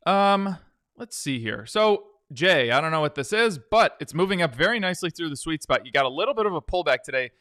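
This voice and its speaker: A male host runs a live stock trading stream full of casual commentary, going over charts, answering questions from viewers, and humming "dun dun dun" between tickers. His pitch is medium and his tone a bit bright. The audio is studio quality with no room sound.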